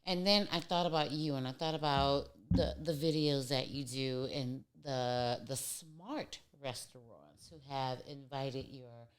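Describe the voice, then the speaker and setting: A woman's voice: rumbling low, a little slow, hardly any pauses, smooth. A woman, a podcast guest in casual chat, earnest and emphatic, repeating her points for weight.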